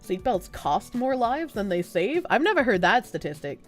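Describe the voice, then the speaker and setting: A young woman streamer with a stuffy nose, chatting casually and softly with her chat, giggling and swearing freely. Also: mid-range voice, very animated, moderate pace, faint music behind. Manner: soft-spoken, not loud, giggly, swears casually. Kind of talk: casual live-stream chat, reading chat messages aloud.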